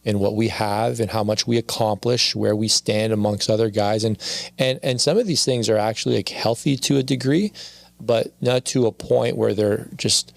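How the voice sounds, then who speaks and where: A man with a gravelly, creaky voice talks as a podcast guest and reflects openly on his life. He often circles back and repeats his phrases. The sound is close and dry, with no room echo. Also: fairly low pitch, steady tone, normal speed. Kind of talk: candid podcast conversation.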